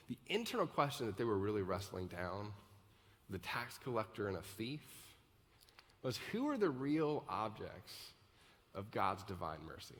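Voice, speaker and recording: A man's voice: on the low side, big pitch swings, moderate pace. A male pastor preaching a live sermon in a conversational style that builds to emphatic peaks. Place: large church auditorium. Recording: live hall reverb.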